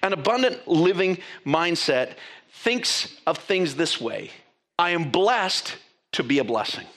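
A man preaching a sermon to his congregation, animated and conversational, with frequent restarts and asides. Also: fairly high pitch, takes it slowly. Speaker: pastor.

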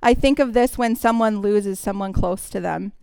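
Clear-voiced woman preaching conversationally. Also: mid-range voice, normal speed, no echo. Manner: warm, conversational teaching with acted quotes. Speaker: speaker in a church service. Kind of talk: sermon.

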